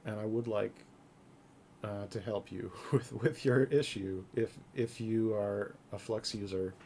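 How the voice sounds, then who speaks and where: A man hosting a live-coding stream, talking in a halting, earnest, soft-spoken way with a gravelly voice. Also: lowish voice, steady tone, a little hiss or hum. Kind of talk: casual live-stream talk.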